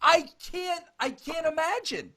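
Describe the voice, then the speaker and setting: A man hosting a casual interview, excitable and incredulous in how he asks. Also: extremely high pitch, unhurried. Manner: excitable, incredulous, says bro a lot. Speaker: podcast host.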